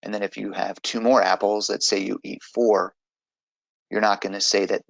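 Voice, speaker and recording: A man's voice: lowish voice, flat delivery, normal speed, vocal fry, dry recording, low-quality recording. A man teaching an online grammar lesson, explaining step by step in a patient way.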